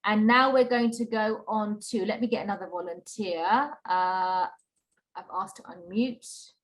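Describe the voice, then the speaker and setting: A woman's voice: medium pitch, unhurried. A woman teaching an online Qur'an reading class, patient and repetitive, often checking in with "okay?". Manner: patient, repeats key points with frequent "okay?". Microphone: video call.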